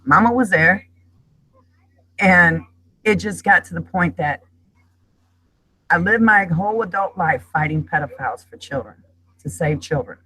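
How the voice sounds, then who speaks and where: A woman's voice: lowish voice, unhurried, long pauses, bright, forceful tone, slightly rough, low-quality recording. A middle-aged woman speaking as a guest in an emotional panel discussion, talking in an impassioned, emphatic way.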